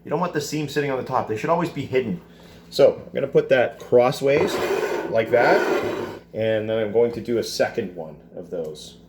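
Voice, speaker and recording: A man walks through plating a dessert in a relaxed, chatty teaching voice, cracking small jokes at his own expense. His pitch sits in an ordinary middle range. A faint hum of noise runs underneath. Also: normal speed. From Canada. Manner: relaxed, chatty, self-deprecating asides. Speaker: culinary teacher. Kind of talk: cooking demonstration. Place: school kitchen.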